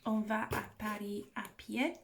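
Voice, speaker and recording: A woman teacher, slowly walking through vocabulary and repeating each word with care. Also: medium pitch, flat delivery, vocal fry, slight background noise. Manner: slow, careful explanation with repeated words. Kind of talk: recorded vocabulary walkthrough.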